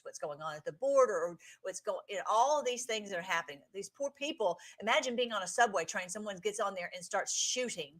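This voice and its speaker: A woman hosting a casual livestream, commenting on clips in an effusive, emotional way with many restarts. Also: mid-range voice.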